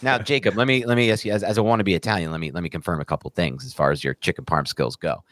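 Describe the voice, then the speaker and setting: A man from the US Northeast co-hosting a sports podcast, animated and opinionated, teasing in a playful way. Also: low voice, very fast, dry recording. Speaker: podcast co-host. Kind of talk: casual fantasy football chat.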